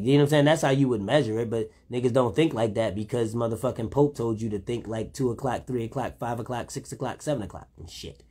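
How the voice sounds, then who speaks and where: A man's voice: on the low side, a little mellow. A man, rambling in a laid-back, casual monologue, often saying "you know what I'm saying". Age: 30s.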